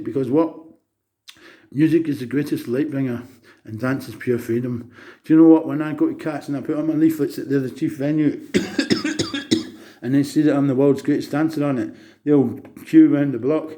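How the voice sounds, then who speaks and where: A man's voice: mid-range voice, mellow. A man, talking in a rambling, manic monologue that jumps between topics and turns preachy. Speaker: vlogger.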